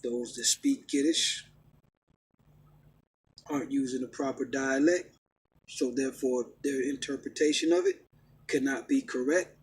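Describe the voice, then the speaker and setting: A middle-aged man ranting and preaching casually, emphatic and repetitive, swinging from loud outbursts to low, stern talk. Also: wildly swooping pitch, measured pace, vocal fry, pauses often, poor audio. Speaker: vlogger preaching his faith. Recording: faint background noise.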